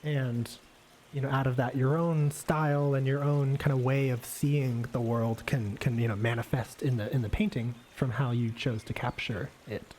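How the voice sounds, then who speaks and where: A man giving a relaxed, rambling live painting demonstration, thinking aloud with many fillers and restarts as he works. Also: mid-range voice, normal speed, slight background noise. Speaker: art instructor painting live. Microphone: desk microphone on a livestream.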